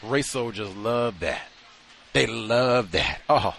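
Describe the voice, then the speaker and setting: A man's voice: on the low side, expressive, takes it slowly, gravelly, a bit bright. A man hosting a radio talk show, giving emphatic commentary and now and then acting out the voices of people he quotes. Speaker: radio host.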